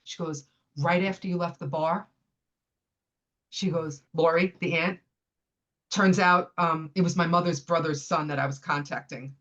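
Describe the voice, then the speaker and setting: Woman in her 50s on a podcast, lowish voice, acting out what everyone said, kinda muffled audio. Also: a little slow. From United States. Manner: animated retelling, acts out what others said. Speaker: podcast guest. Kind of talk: personal storytelling in conversation.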